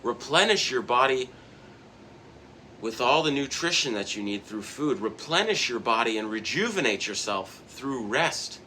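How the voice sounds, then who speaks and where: Male host for a self-help talk. Bright, lively, earnest delivery with a faint hum of ambience behind. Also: mid-range voice, measured pace. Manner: earnest, emphatic, repeats words for stress.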